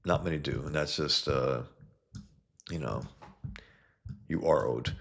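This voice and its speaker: A man's voice: very deep voice, takes it slowly, creaky. A man hosting a casual livestream, talking enthusiastically about comic art and reading chat messages aloud, with blunt profane asides.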